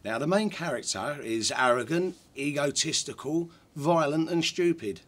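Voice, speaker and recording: A man's voice: fairly high pitch, moderate pace, fairly bright tone. An actor playing a sarcastic, brusque film director who insults his cast.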